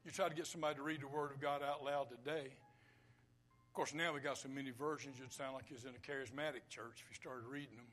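A man preaching a sermon, swinging between loud declarations and hushed whispers. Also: medium pitch, fairly even intonation, quick pace, soft background music.

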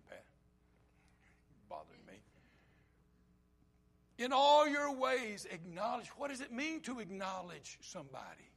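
Preaching in a notably high voice, this man alternates emphatic, loud statements with hushed, low asides. Now and then he acts out short snippets of quoted dialogue.

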